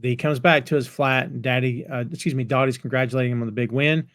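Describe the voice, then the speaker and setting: A man co-hosting a podcast, recapping episodes in animated casual chat. His voice sits mid-range and sounds dry and close. His manner is that of a storyteller. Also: mid-range voice, quick pace, hardly any pauses, no echo. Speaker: podcast co-host.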